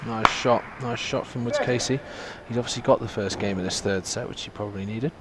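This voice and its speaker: A man's voice: mid-range voice, fairly quick. A man giving casual, joking live commentary on a tennis match. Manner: chatty, joking, reacting to play. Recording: loud background noise at a live venue.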